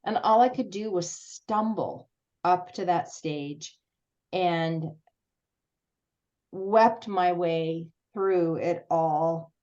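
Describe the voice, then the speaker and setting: Mellow, low-voiced woman sharing a story. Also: lo-fi sound. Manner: earnest and halting, with many restarts. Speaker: guest speaker. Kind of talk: personal story told to a support group.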